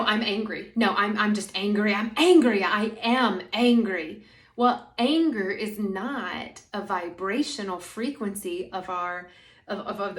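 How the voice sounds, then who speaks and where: A woman's voice: mid-range voice, roomy sound. A woman acting as a spiritual guide, talking casually and rambling with many "like" fillers. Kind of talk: spiritual monologue.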